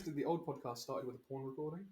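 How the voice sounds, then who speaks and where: A man's voice: medium pitch, fast talker, background noise. A young man on a podcast telling stories in casual chat, swearing a lot and laughing as he talks. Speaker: podcast co-host. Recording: echoey room.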